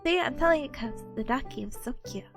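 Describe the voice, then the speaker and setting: A woman's voice: sits high, expressive, fast talker, faint music behind. A young woman streaming as a VTuber, chatting casually with her chat, giggly and bubbly, talking with a smile.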